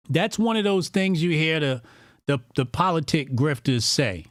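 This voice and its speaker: A man's voice: on the high side, sing-song, measured pace, no echo, clean studio sound. A man hosting a political commentary livestream, talking bluntly and profanely and reading out viewer donations. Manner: blunt and profane, with lots of repetition.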